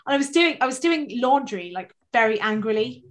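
A woman's voice: fairly high pitch, expressive, fairly quick. Chatty woman telling stories. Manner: rambling storytelling, swears freely, self-mocking. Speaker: podcast co-host. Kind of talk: casual chat.

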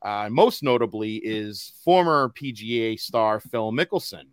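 A man's voice: fairly low pitch, lively intonation, a little slow, clear, resonant tone, dry recording, clean studio sound. A man with a Boston accent hosting a casual podcast, rambling through fillers and restarted sentences. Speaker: podcast host.

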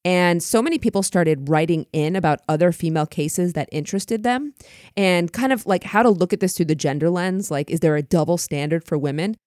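Woman co-host who teaches criminology, upbeat casual chat, slightly low pitch, dry studio sound. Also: a little fast, darkish tone, dry recording. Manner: enthusiastic, grateful.

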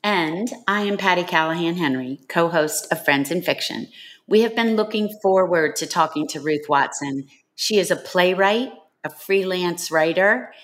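A woman's voice: fairly low pitch, fairly bright tone. A woman co-hosting a book podcast, introducing a guest and asking questions with enthusiasm. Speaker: podcast co-host.

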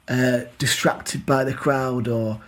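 A man's voice: mid-range voice, fairly even intonation, slow. A young man co-hosting a football podcast, chatty and self-mocking, often calling his co-host "mate". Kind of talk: casual chat.

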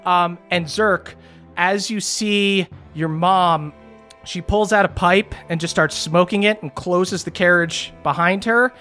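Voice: mid-range voice, slow, fairly bright tone, faint music behind. A game master narrating a tabletop game casually, with fillers and the odd swear.

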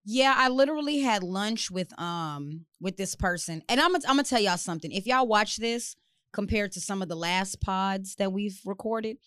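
A young adult woman co-hosting a podcast, chatting casually and swearing freely, quick to laugh. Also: mid-range voice, lively intonation, fairly bright tone, clean tone, no echo, clean studio sound. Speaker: podcast co-host.

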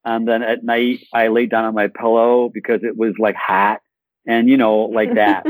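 Man doing a plain Michigan local, flat drawn-out vowels, dry sound. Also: lowish voice, no echo, lightly acted, rough recording. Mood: teasing.

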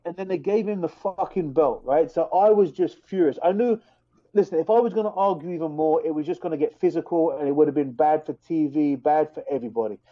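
A man, a fighter, telling a heated story in casual podcast talk, animated and full of restarts. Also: a little high, a little fast, highs cut off. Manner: animated, fired-up retelling with many restarts.

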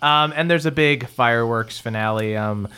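A man's voice: medium pitch, moderate pace, bright, forceful tone, clean tone. A man narrating as game master of a tabletop game, in a laid-back, chatty way with many fillers.

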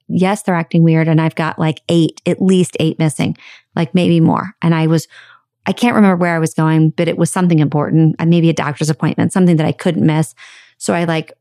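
A woman's voice: on the low side, a little mellow, dry recording, clean studio sound. A woman podcast host telling a personal story in a chatty way, with many "like" fillers. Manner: chatty, frequent "like" fillers, dramatic retelling.

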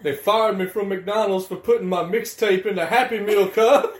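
A man's voice: sits high, steady tone, moderate pace, natural voice. A man voicing a boastful young male rapper who drops slang while pushing his mixtape. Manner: drawling "cuh" slang, laughing. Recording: echoey room.

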